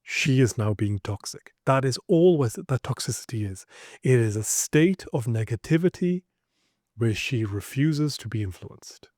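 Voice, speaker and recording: A man's voice: mid-range voice, lively intonation, a little slow, darkish tone, no room sound. Man, relationship coach, mid-range voice, dry close sound, blunt lecturing delivery. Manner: direct, emphatic, lecturing listeners with acted examples. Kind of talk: instructional monologue.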